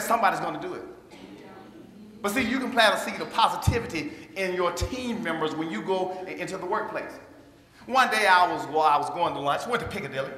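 A man giving a lively motivational speech to a live audience, drawing call-and-response from the crowd and acting out quoted voices. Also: sits high, slight background noise. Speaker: motivational speaker. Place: large hall before an audience. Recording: echoey hall with long reverb.

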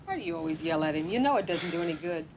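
A woman's voice: fairly low pitch, animated, very fast, slight background noise, natural voice. An actor playing a worried, reproachful mother who is fed up with the family's move, in a 1970s TV drama. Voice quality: sharp, reproachful.

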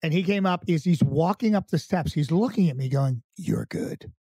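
A man, a professional impersonator, telling lively anecdotes as a guest in a casual interview over a video call, acting out other people's lines as he goes. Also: on the high side, fairly quick, breathy edge, dry recording, studio quality. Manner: animated anecdote teller who acts out other people's lines.

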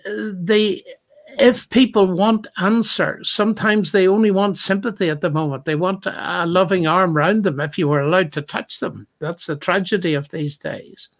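A man's voice: high-pitched, steady tone, normal speed. A man speaking as a Christian apologist in a thoughtful discussion, reflective and retelling stories with acted-out quotes.

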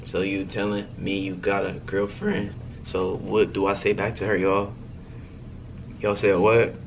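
In a deep, gravelly voice with a level tone and an unhurried pace, a young man chats playfully with viewers while vlogging a text prank, laughing a lot. The recording carries a little hiss or hum.

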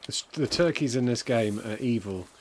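A man's voice: mid-range voice, expressive, moderate pace, a little hiss or hum. A man streaming live gameplay commentary, jokey and sarcastic, swearing often.

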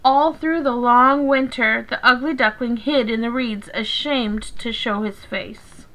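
A woman teacher reading a picture book aloud to children, in a gentle, expressive storytelling manner. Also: a little high, a little slow, hardly any pauses, low-quality recording.

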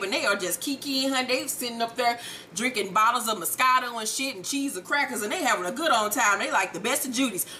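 Sassy woman vlogger, bright and fairly high, recapping an episode with profane asides. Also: a little hiss or hum. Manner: profane, sassy, animated storytelling.

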